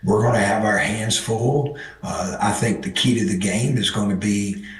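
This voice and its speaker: A man's voice: on the low side, normal speed, recorded from a distance. A man who has lost his voice, talking casually as a guest coach with many fillers. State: hoarse, losing his voice. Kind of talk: casual interview chat. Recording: roomy sound from off the mic.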